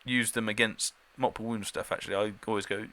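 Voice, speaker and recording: A man's voice: fairly low pitch, steady tone, quick pace, bright, forceful tone, dry recording. A man co-hosting a podcast, chatting casually with lots of fillers, restarts and chuckles. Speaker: podcast co-host giving a battle report. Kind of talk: casual chat.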